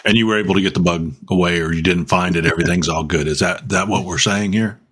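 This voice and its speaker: A man's voice: deep voice, steady tone, fast talker, fairly bright tone, breathy edge. A man hosting a podcast in casual, joking chat. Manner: joking, rambling. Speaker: podcast host.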